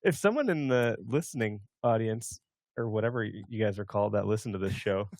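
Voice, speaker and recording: A man's voice: on the low side, a little mellow, no echo. A man hosting a hunting podcast, rambling and joking his way through casual banter. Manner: joking, rambling, quick asides. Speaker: podcast host.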